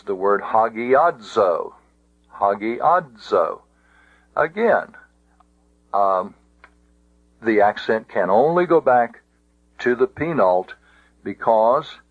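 A man with a low voice teaches a grammar lesson, pausing often with fillers as he explains each rule. He speaks very slowly. The sound is dry and tinny, like an old phone line. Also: no echo. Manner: slow, deliberate, many uh and um fillers. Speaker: Greek teacher. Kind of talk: recorded lesson.

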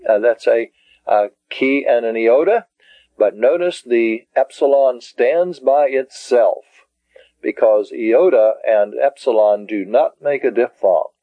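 A man teaching a Greek lesson, slowly sounding out words syllable by syllable and explaining rules. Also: mid-range voice, no room sound. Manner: slow and deliberate, sounding out syllables. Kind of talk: classroom lecture. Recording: dull lo-fi recording.

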